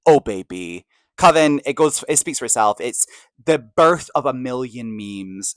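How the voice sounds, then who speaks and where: A man's voice: mid-range voice, lively intonation, a little slow, no room sound, poor audio. Enthusiastic man hosting a chatty podcast. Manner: enthusiastic, gushing, chatty with fillers. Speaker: podcast host. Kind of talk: casual opinion chat.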